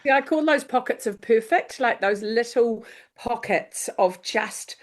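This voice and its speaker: A woman's voice: fairly high pitch, a little slow. A woman, an author and coach being interviewed, talking in an upbeat, emphatic way and acting out little back-and-forth dialogues. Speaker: author and leadership coach, guest. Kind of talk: motivational interview talk.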